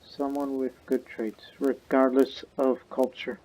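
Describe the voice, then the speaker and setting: A gaming YouTuber gives casual let's-play commentary on a strategy game in a mid-range, dark-toned voice, unhurried and flat in delivery. As he plays, he jokingly acts out the game's characters.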